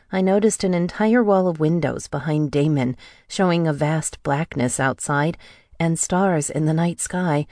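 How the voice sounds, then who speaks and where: A woman's voice: deep voice, darkish tone, no echo, clean studio sound. A woman reading a first-person thriller audiobook in a tense, urgent narrating manner.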